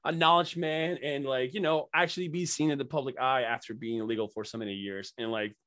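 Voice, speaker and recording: A man telling a story as a podcast guest, animated and profane, full of fillers. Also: medium pitch, fast. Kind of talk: casual storytelling.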